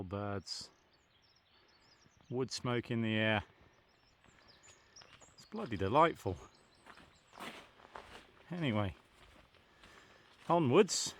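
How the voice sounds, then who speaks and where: A man's voice: mid-range voice, fairly bright tone, slight background noise. A man vlogging while he walks outdoors on a country lane, chatty and thinking aloud as he goes. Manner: chatty, thinking aloud, understated British phrasing. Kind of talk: walking vlog narration.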